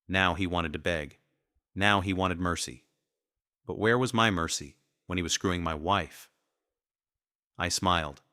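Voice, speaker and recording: A man's voice: deep voice, measured pace, pauses often, sharp tone, no echo, clean studio sound. A man narrating a first-person revenge story in a cold, menacing manner.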